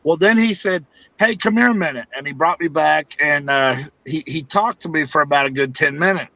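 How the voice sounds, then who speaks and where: Joking ex-wrestler guest, man, high and bright, recorded dry; swears freely in stories. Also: brisk, vocal fry, no echo. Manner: profane, joking anecdote teller. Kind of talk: casual podcast chat.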